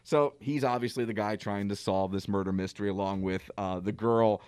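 A man's voice: lowish voice, steady tone, normal speed, a little mellow, clean tone, dry recording, clean studio sound. Rambling self-deprecating radio co-host man. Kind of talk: casual radio talk show chat.

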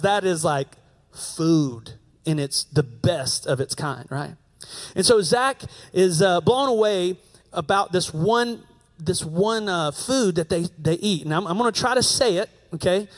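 High-voiced American man preaching. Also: a little slow. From United States. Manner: storytelling, conversational, repeats key phrases. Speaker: pastor. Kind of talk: sermon.

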